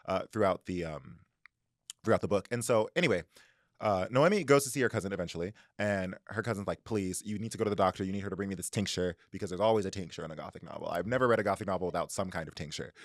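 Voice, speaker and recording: A man with a fairly low voice co-hosts a casual book podcast, walking through a plot with animated storytelling. His voice sounds close and dry, with no room around it. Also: fast, no echo. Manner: animated storytelling, acting out characters' lines. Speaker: podcast co-host.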